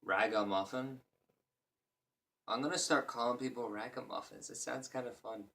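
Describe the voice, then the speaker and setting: A man's voice: mid-range voice, normal speed, gravelly, fairly bright tone. A man reading a fairy tale aloud at a casual pace and breaking off for crude, joking asides. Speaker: reader.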